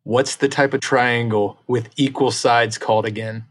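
A man's voice: medium pitch, fairly even intonation, normal speed. A man co-hosting a casual podcast, reading quiz questions in an upbeat, encouraging way.

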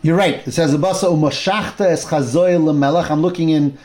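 A man teaching a Torah class, retelling a Bible story with animated storytelling and Hebrew terms mixed in. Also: a little high, brisk.

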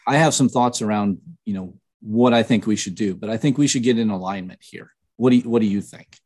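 A middle-aged man talking earnestly in an interview, slightly nasal, pausing often with fillers and restarts. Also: lowish voice, darkish tone. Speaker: podcast guest, author. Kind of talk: casual interview talk.

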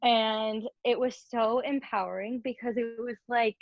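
A young adult woman, a podcast guest, telling her story in a chatty, expressive way. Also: fairly high pitch, unhurried, few pauses, no echo. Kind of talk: conversational interview. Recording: dull, dry lo-fi audio.

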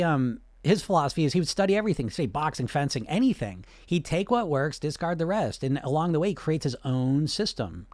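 Middle-aged guy coaching weight loss, blunt, bouncy high-ish voice, no room sound. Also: no echo. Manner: blunt, animated, rhetorical questions. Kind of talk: livestream coaching talk answering questions.

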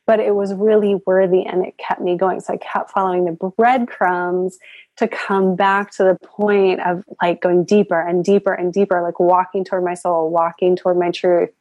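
A woman's voice: fairly low pitch, flat delivery, moderate pace, a little mellow, dry recording, muffled recording. A woman guest on a spiritual podcast, telling her story in a reflective, earnest way.

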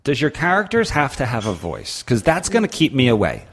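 A man's voice: mid-range voice, huge pitch swings, a little fast. A man co-hosting a podcast in casual chat, dry and teasing, asking pointed questions. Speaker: podcast co-host.

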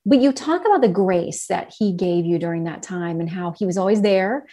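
A woman's voice: fairly low pitch, animated, normal speed, warm tone, faint music behind. A woman interviewing an author, affirming him often and laughing easily as she recalls his stories. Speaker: interviewer and host. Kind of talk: conversational interview.

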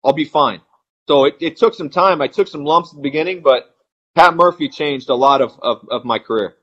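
A middle-aged man with a slightly high, husky voice tells blunt stories in a rapid, animated flow. The sound is dull and lo-fi, like a modest podcast recording. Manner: blunt, animated, fast-flowing anecdotes. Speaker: retired baseball player, guest. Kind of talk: podcast interview storytelling.

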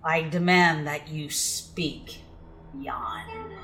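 A grim male hunter delivers curt, cold demands, voiced by a woman in a low, unhurried tone. Every line sounds like an order. The room around the voice is echoey. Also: fairly bright tone, distant mic, full character voice. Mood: commanding. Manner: cold, commanding.

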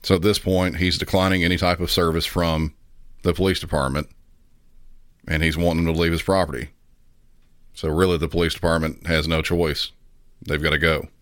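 A man with a very deep voice narrates a true-crime case in calm, measured tones. His delivery stays level and even, with little rise or fall. The sound is dry and close, with no room echo. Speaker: podcast host.

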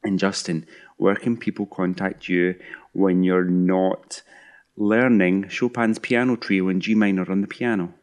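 A man's voice: low voice, fairly even intonation, a little slow. A man from the United Kingdom, hosting a podcast with wry, mock-grumpy humor. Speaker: podcast host. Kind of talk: casual podcast chat and sign-off.

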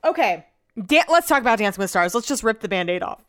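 A woman hosting a casual solo podcast, talking in an animated, chatty way and swearing freely. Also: mid-range voice, quick pace, no room sound, studio quality. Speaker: podcast host.

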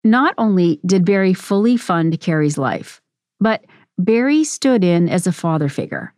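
A woman hosting and narrating a documentary in a measured, serious way. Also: fairly low pitch, sing-song, darkish tone, dry recording, clean studio sound. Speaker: podcast host and narrator.

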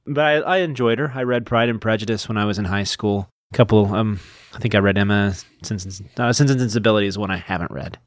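A man's voice: lowish voice, fast, few pauses, no echo, clean studio sound. A man co-hosting a casual book podcast, rambling and correcting himself as he talks, laughing often. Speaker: podcast co-host.

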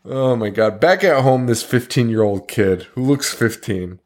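Co-hosting a horror podcast, a man with a medium-pitched, slightly slow voice casually recaps a film. He laughs often, swears, and tells the story with animation.

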